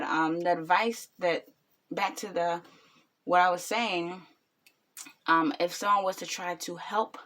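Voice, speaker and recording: Blunt rambling young woman, lowish voice. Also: a bit bright. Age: 20s. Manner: blunt, rambling, frequent ums. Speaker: vlogger and new mother. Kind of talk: casual reaction vlog talk.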